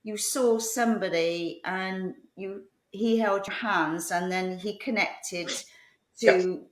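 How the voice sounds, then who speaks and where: A woman's voice: mid-range voice, takes it slowly. A woman co-hosting, asking a guest curious follow-up questions over a remote call. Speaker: co-host. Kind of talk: interview questions. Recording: echoey room on a call.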